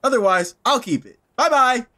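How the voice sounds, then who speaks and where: Man doing a young villager voice, timid, eager, high-pitched, animated. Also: normal speed, full character voice. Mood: grateful.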